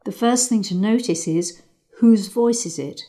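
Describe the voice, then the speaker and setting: A woman of middling pitch talks a rider through a mental exercise, calm and measured. She guides with gentle questions and leaves pauses for reflection. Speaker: riding instructor. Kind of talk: guided visualisation lesson.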